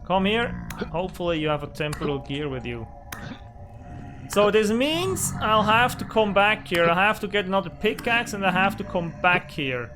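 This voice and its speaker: A man's voice: sits high, very animated, normal speed, music in the background. A man hosting a let's play, commenting on his survival game and swearing at it in frustration. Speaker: gaming channel host. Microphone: desk microphone.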